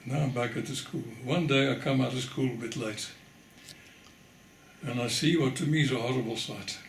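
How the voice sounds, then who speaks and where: Older man, gravelly, measured testimony, echoey room, faint background ambience. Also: mid-range voice, a little hiss or hum. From Netherlands. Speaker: interviewee. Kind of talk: oral history testimony.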